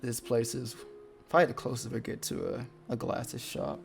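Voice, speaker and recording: Brief: man playing a calm young man, low-key, near his own voice. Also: moderate pace, creaky, over music, lightly acted. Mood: mild.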